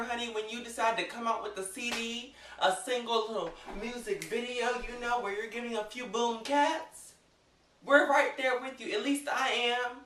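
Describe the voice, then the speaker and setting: A man's voice: very high-pitched, distant mic, slight background noise. Gushing man in an echoey room. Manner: gushing, theatrical, swings from shouts to near-whispers. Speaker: vlog host. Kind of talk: excited vlog monologue. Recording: echoey room, voice set back from mic.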